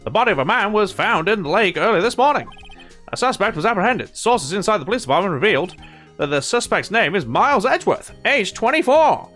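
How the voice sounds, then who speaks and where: A man putting on an overexcited TV news anchor voice with a brisk, punchy newsreader delivery. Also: high voice, sing-song, a bit bright, faint music behind, pitched above the performer's own voice. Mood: breathless.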